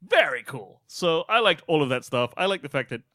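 A man's voice: a little high, big pitch swings, a little fast, pushed and bright, no echo, studio quality. A man from Australia co-hosting a film podcast, talking casually, swearing freely and laughing often. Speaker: podcast co-host.

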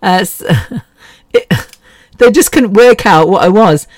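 A woman's voice: medium pitch, takes it slowly, dry recording. A middle-aged woman from England with a British accent, hosting a casual solo podcast. She talks in a rambling way, laughs often and swears freely. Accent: British English. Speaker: podcast host.

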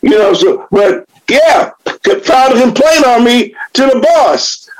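A middle-aged man with a high voice shares his recovery story in a blunt, profane way. He talks slowly and grows impassioned and preachy. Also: expressive, poor audio. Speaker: recovering alcoholic sharing at a meeting. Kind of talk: spoken share.

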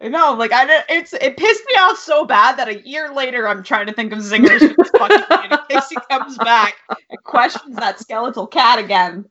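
Sarcastic thirtysomething woman podcasting, swears a lot, highish voice, kinda muffled audio. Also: animated, moderate pace, pushed and bright. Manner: profane, sarcastic, laughs often. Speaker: podcast co-host. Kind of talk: casual chat.

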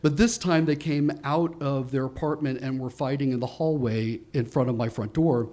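A man telling a first-person story in an animated way, with laughing asides and acted-out moments of panic. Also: medium pitch, normal speed.

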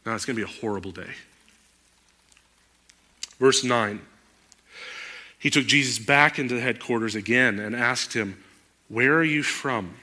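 Bright-voiced preacher man. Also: mid-range voice, measured pace, pauses often. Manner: animated, rising to emphatic outbursts. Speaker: pastor. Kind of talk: sermon.

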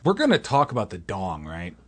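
A man's voice: fairly low pitch, huge pitch swings, a little fast, breathy edge. A man co-hosting a casual movie-review podcast, joking, rambling and laughing often. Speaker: podcast co-host.

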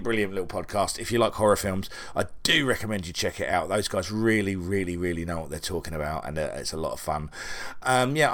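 A man from England hosts a casual podcast, chatty and fond of joking, with the odd swear. His voice sits in a middling pitch for a man. He talks loosely, with restarts and fillers. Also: a bit bright. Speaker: podcast co-host.

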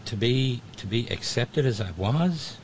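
A man's voice: mid-range voice, animated, measured pace, slight background noise. A middle-aged man, casually chatting and reading viewer comments, rambling with many restarts and wry asides. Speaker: livestream host.

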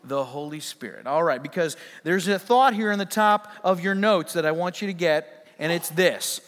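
Jokey male pastor, high bright voice, working the crowd in a reverberant church. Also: moderate pace. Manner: playful, jokey, audience call-and-response. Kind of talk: sermon. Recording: long reverb in a large hall.

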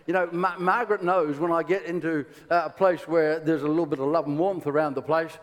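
Irish preacher telling stories in a reverberant hall. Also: male voice, fairly high pitch, brisk. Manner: lively storytelling, stumbling restarts, laughing asides. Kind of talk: sermon.

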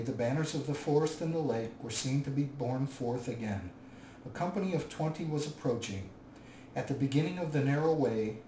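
A man's voice: medium pitch, warm tone. Male narrator reading a storybook. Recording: roomy, distant mic, faint hiss.

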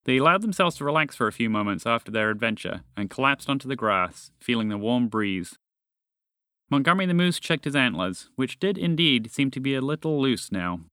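Male storyteller, bright tone, dry recording, gentle children's-story read. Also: very animated, a little fast, clean tone, no echo. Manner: gentle storybook reading, raising his pitch for characters' lines.

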